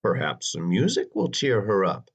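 A man voicing a timid, gentle male dragon in a children's storybook, speaking mildly and hesitantly. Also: fairly low pitch, huge pitch swings, normal speed, breathy edge, exaggerated voice.

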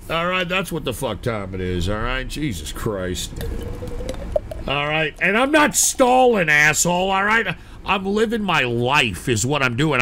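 A man hosting a comedic call-in show, swearing, shouting and ranting in exasperation at his callers. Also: a little high, a little hiss or hum.

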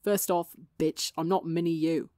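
A woman with a slightly gravelly voice, reading the lines of a loud, cocky teenage boy who snaps back defensively. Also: on the low side, brisk, no echo, studio quality, natural voice. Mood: defensive bluster.

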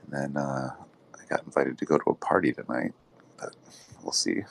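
A man's voice: extremely low pitch, moderate pace, gravelly. A man hosting a live audio chat room, talking loosely with lots of fillers. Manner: relaxed, rambling, filler-heavy talk. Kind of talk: casual chat. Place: Thailand.

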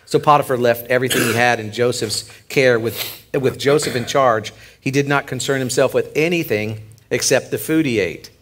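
A man, a pastor co-leading a sermon, retelling a Bible story in an animated, joking way. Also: medium pitch, normal speed. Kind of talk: sermon, co-preaching.

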